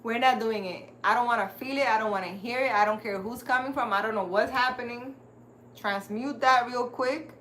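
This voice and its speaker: With a bright, forceful tone on the high side, a woman speaks fairly quickly as she chats casually and animatedly with live viewers of her spiritual healer channel, laughing often. A little hiss or hum runs underneath.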